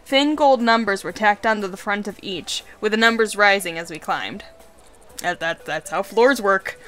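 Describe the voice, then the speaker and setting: A woman's voice: mid-range voice, normal speed, a bit bright, faint music behind. A woman hosting a let's play, reading a dating game aloud with casual, giggly commentary and swearing.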